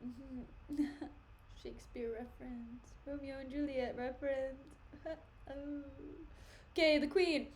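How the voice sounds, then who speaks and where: A woman's voice: sits high, fairly even intonation, slow, slight background noise. A young woman streamer reading a play aloud and breaking off to explain it in chatty asides. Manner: chatty, says "like" and "okay" often. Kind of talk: casual read-aloud with commentary.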